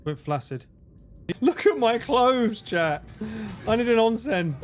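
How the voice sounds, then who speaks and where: A man livestreaming a game, excitable, swearing and laughing often as he chats. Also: extremely high pitch, slow, soft background music. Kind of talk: casual gaming livestream chat.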